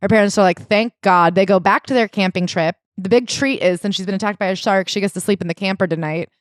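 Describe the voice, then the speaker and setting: Woman podcast co-host, casual animated storyteller, mid-pitched voice, dry close sound. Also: quick pace, dry recording. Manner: animated storytelling, retelling events with quoted voices. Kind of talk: casual book-club chat.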